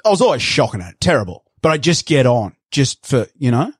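A man's voice: medium pitch, sing-song, fast talker, breathy edge, dry recording, clean studio sound. A man, a podcast guest telling rambling stories with laughs. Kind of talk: casual interview chat.

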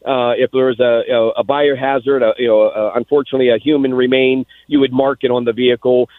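A man's voice: medium pitch, flat delivery, no room sound. Tearful man on phone line. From Pittsburgh, USA. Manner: halting, repeats words, tearful. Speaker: caller, former EMT volunteer. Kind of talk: emotional phone-in recollection. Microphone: telephone.

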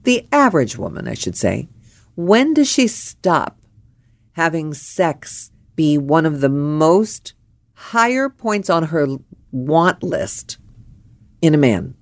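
An older woman telling a personal story in a lively storytelling monologue, acting out the other people's lines with big jumps in her voice. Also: slow, no room sound. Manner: animated, acts out quotes with big pitch jumps.

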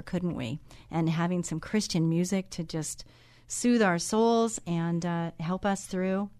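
A woman's voice: lowish voice, darkish tone. Earnest woman radio host. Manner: earnest, speaks straight to listeners. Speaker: radio talk show host. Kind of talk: encouraging radio talk.

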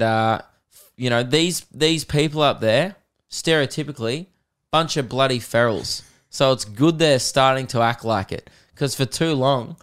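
Man, Australian accent, 20s, podcast host, casual self-mocking chat, smooth clear voice. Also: mid-range voice. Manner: laid-back, self-mocking storytelling.

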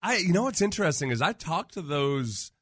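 A man co-hosting sports radio in a studio, telling stories with lively acted-out quotes. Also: fairly high pitch, fairly quick, slightly rough, dry recording. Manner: animated storyteller, acts out quotes. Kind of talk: casual sports radio banter. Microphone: studio mic.

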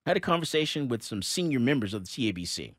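A man hosting a talk radio show, telling a story in a casual, animated way with many fillers and restarts. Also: medium pitch, rapid-fire, no echo, clean studio sound.

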